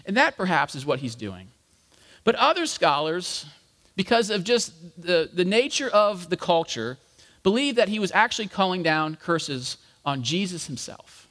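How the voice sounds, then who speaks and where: A man's voice: high-pitched, expressive, normal speed, fairly bright tone. A man preaching a sermon in a conversational, explanatory way, with frequent fillers. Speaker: pastor. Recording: long hall reverb.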